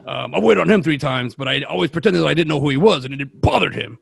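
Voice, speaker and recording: A man's voice: a little high, expressive, fast, vocal fry, few pauses, slightly rough. A young man, co-host of a podcast, telling rambling stories in casual chat and acting out the voices of people he quotes. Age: young adult.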